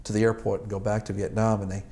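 Low-voiced older man reminiscing. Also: level tone, fast talker, warm tone. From Boston, United States. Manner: rambling and chuckling, with many fillers and restarts. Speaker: Army veteran interviewee. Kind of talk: oral history recollection.

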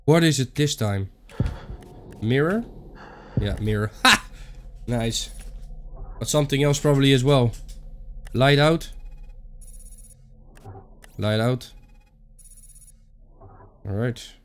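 A man's voice: medium pitch, lively intonation, slow pace, pauses often. A young man with a Dutch accent giving playful, muttered commentary on a horror game playthrough, talking to himself and joking. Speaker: gaming YouTuber.

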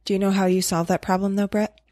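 A woman's voice: mid-range voice, level tone, fast, dark tone, no echo. A young adult woman from New York State co-hosting a podcast, bantering bluntly with dry jokes and frequent swearing. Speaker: podcast co-host. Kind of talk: casual banter.

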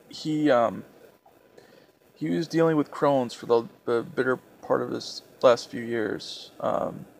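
Young adult male vlogger, gravelly tone, hesitant and tender delivery, faint background noise. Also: mid-range voice. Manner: halting, hesitant, with many restarts. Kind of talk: personal reflective storytelling.

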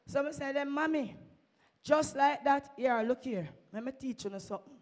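Her voice sits high and darkish at a normal speed as this Jamaican-accented church member testifies fervently to the congregation in the sanctuary. She exhorts them, slipping into Patois along the way.

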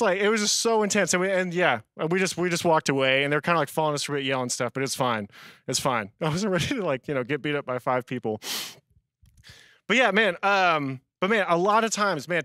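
Brisk and a little high, this man's voice comes through with no room sound as he gives a laid-back youth sermon. Telling animated stories, he peppers almost every line with "man."

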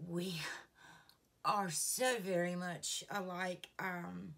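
A woman's voice: fairly low pitch, little pitch movement, very slow, gravelly, a bit bright. A woman vlogger, chatting casually to her viewers in a rambling, heartfelt way and laughing at herself. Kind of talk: casual chat to camera.

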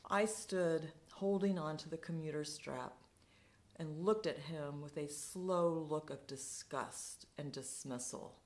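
Woman telling a story real slow, lowish voice, dramatic. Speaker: speaker. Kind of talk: storytelling talk.

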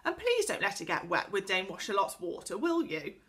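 A firm mother who will not put up with pouting, as a woman reads her. She speaks in clear, bright tones with a strict, no-nonsense edge. This is a storybook voice. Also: mid-range voice, wildly swooping pitch, moderate pace. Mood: instructing. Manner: firm, scolding.

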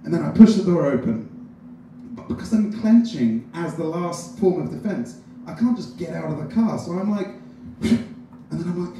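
A young English man doing stand-up, telling a self-deprecating story in an animated way. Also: fairly high pitch, moderate pace. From England. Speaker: stand-up comedian. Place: open mic at a coffee shop. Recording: distant mic in a very echoey room with noise.

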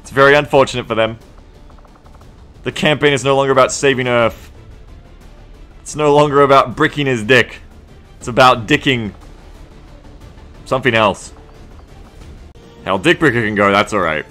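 A man's voice: medium pitch, normal speed, pauses often, pushed and bright, faint music behind. A man giving joking, rambling commentary over his video game campaign, full of crude jokes and silly repetition. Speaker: gaming video creator.

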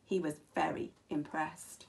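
A woman teacher reading a children's storybook aloud in an expressive, sing-song way, acting out the sound effects. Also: sits low, a little slow, creaky, slight background noise.

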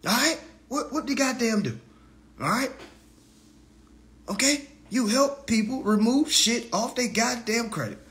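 A man in his thirties delivering a mocking, profane roast monologue to camera, swinging between loud jeers and low mutters. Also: animated, measured pace, pauses often. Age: 30s.

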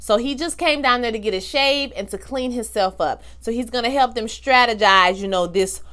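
A woman's voice: on the high side, normal speed, bright, forceful tone. A woman giving a casual, slangy recap of a TV episode, talking straight to her viewers and acting out the characters' lines. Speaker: TV show recap vlogger.

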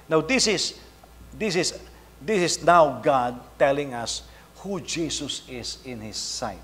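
Middle-aged male pastor, sermon delivery, mid-range voice, swings loud and soft; church hall with long reverb. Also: medium pitch. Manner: storytelling, rising to loud emphasis then dropping soft.

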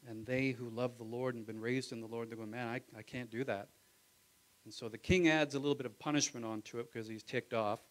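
A male pastor preaching a live Sunday sermon in church, swinging from loud exclamations to hushed asides and calling "Amen?" to the congregation. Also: mid-range voice, fairly even intonation, fast talker, few pauses, poor audio. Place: church sanctuary.

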